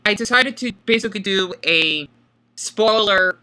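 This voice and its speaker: A man giving casual film commentary for his video, in a self-described monotone with frequent hesitations and fillers. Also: high voice, normal speed. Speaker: video creator.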